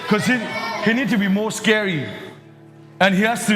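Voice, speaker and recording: Brief: high-voiced male children's preacher, lively and halting, in an echoey hall. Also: loud music behind the voice, a loud crowd. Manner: animated, halting, non-native phrasing. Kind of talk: energetic children's sermon.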